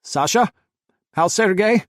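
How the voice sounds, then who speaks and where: An earnest, resolute man in charge speaks plainly and firmly, as a male narrator voices him. The voice has a middling pitch and a dry, close sound. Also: little pitch movement, fairly quick, slightly rough, no room sound, lightly acted. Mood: shouting. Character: male president, steady in combat.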